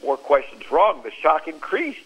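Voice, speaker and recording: A man giving a Christian talk on a radio show, telling stories in an animated way and acting out the quoted lines. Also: a little high, a little slow, vocal fry, slightly rough, low-quality recording. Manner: animated storyteller who acts out quoted speech. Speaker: Christian speaker.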